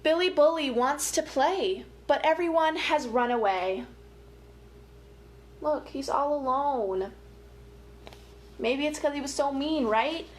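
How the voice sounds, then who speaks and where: High, unhurried storytime reader. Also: female voice, expressive. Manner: gentle, playful, chatty asides to young listeners. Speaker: family educator. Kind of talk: reading a picture book aloud to children.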